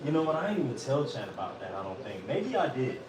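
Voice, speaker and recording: A man's voice: medium pitch, quick pace, reverberant. Guy in his 30s ranting a funny story, lots of cussing, humming noise in the room. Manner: animated, swears a lot, acts out his own shouting. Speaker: podcast host. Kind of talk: casual storytelling chat.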